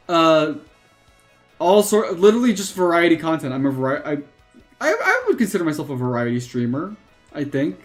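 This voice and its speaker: A woman's voice: deep voice, big pitch swings, brisk, faint music behind. A woman streaming a game and talking casually, in a rambling, hesitant way. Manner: rambling, hesitant, with fillers and restarts. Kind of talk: casual gameplay commentary.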